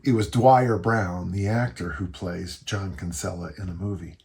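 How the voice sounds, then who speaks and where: Gravelly older man telling folksy stories. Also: low-pitched, fairly even intonation, a little slow, noisy background. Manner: rambling, folksy storytelling with restarts. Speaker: podcast host and strength coach. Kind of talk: casual listener Q&A chat.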